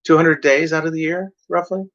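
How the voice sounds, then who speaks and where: A man's voice: a little high, steady tone, brisk, a bit bright. Profane rambling man vlogging. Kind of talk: casual rambling monologue. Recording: muffled lo-fi recording.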